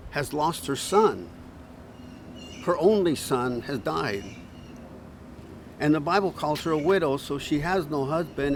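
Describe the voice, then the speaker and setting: A male pastor giving a short sermon in slow, earnest, pausing phrases, easing into a gentle hush at times. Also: a little high, slight background noise.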